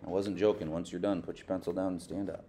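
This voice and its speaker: A male teacher giving a classroom lecture, lively, quizzing his students and checking in with "okay" often. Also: sits low, fast, slight background noise.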